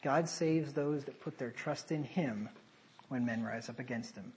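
A man preaching a sermon, animated, with sarcastic asides and sudden drops to a quieter voice. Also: mid-range voice, measured pace, slight background noise, poor audio.

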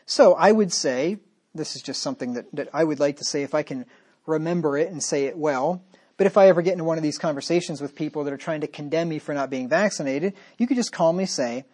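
A man's voice: on the high side, quick pace, a little mellow. A man preaching a sermon as pastor, talking straight to his listeners with emphatic repetition and rhetorical questions.

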